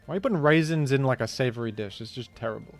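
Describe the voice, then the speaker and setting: A man streaming a food guessing game, talking casually with animated, incredulous outbursts. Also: medium pitch, very fast, soft background music. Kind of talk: casual gaming commentary.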